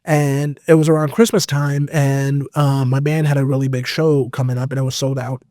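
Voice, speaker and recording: A man guest on a podcast, telling a personal story in a casual, animated way with lots of fillers. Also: mid-range voice, moderate pace, dry recording, studio quality. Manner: animated, expressive, full of fillers. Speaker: podcast guest, metal vocalist.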